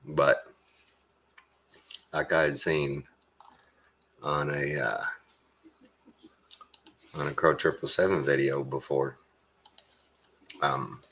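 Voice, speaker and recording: Very deep-voiced Texan man rambling. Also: little pitch movement, fairly bright tone, husky. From Texas. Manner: meandering, many "uh" pauses, folksy. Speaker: vlogger. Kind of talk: casual rambling monologue.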